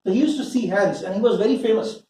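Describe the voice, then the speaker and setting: A man's voice: high voice, fast, mellow. A man with an Indian accent telling a story to his team in a conversational, motivational session. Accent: Indian English. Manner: conversational, checks in with listeners. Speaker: motivational speaker. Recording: roomy sound from far off, faint hum.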